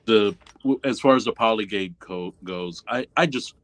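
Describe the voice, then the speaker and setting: Halting, joking man on a dry mic. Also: lowish voice, no echo. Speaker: stream guest. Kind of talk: casual livestream chat.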